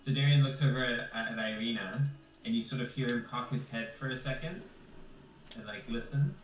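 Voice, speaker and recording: A man's voice: mid-range voice, moderate pace, far from the mic, soft background music. A man at a tabletop game, rambling as he narrates his character's actions. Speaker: player. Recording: echoey room, off mic.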